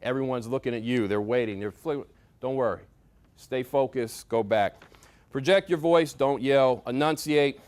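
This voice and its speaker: A man giving a lively motivational talk to a workshop audience, coaching them with sports analogies, repetition and swings in loudness. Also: medium pitch, moderate pace. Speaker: speaker at a leadership workshop. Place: meeting room with audience.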